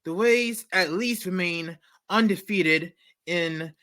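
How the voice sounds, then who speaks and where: Slow, stumbling male comedy host. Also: high voice, sharp tone. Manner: stumbling, self-correcting joke delivery. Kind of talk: scripted comedy news segment.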